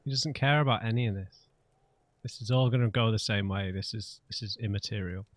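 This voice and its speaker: A man's voice: lowish voice, steady tone, brisk, no echo. A man narrating his own playthrough in a dry, close recording, reading dialogue options aloud as he goes. He fumes and grumbles about his failed choices, with no room sound around him. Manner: reads choices aloud, frustrated and exasperated. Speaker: let's play host. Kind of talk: gameplay commentary.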